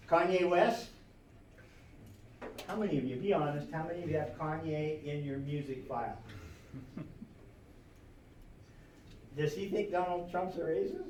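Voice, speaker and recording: A man's voice: fairly high pitch, a little slow, long pauses, a little mellow, slight background noise. A man teaching a history class, lecturing animatedly with rhetorical questions and chuckling asides, recorded from across a classroom. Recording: echoey classroom recorded from far off.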